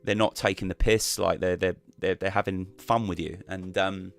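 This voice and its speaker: Chatty man with a low voice. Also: steady tone, normal speed, vocal fry. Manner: chatty, rambling, with restarts. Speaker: stream guest and teacher. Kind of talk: casual live-stream chat.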